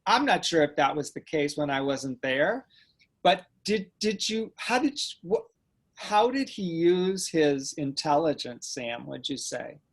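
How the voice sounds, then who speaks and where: A middle-aged man hosting a conversation, telling stories in an earnest, gentle, halting way with frequent restarts. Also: fairly high pitch, big pitch swings. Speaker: host. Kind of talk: reflective conversational storytelling.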